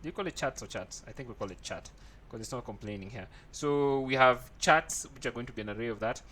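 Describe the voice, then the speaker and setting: In a screen-recorded coding tutorial, a man thinks aloud while typing and keeps checking in with "right?". His mid-range voice is a bit bright, and he speaks fast.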